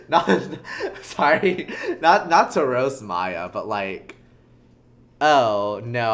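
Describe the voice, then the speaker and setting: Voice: medium pitch, a bit bright. A streamer chatting casually while reading a game aloud, giggly and full of fillers.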